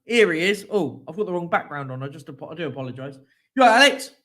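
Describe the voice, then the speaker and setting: A man hosting a casual live stream, reading team lists and giving shout-outs to viewers. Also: fairly high pitch, lively intonation, quick pace. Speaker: streaming show host.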